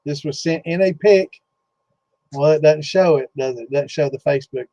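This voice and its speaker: A man's voice: a little high, moderate pace, creaky, mellow, no room sound. A man hosting a distilling Q&A chat, telling a rambling story full of cursing and fillers, with a slightly dull lo-fi sound. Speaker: host of a distilling Q&A livestream.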